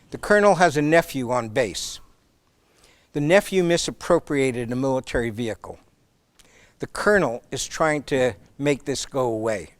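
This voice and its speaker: A man's voice: mid-range voice, no echo. A man speaking as a guest lecturer on leadership, telling stories with some fillers and restarts.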